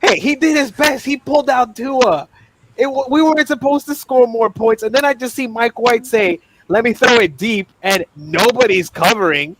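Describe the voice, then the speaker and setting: A man's voice: very high-pitched, moderate pace, a bit bright, a little hiss or hum, low-quality recording. A man co-hosting a sports podcast, easygoing and reasoning in casual chat.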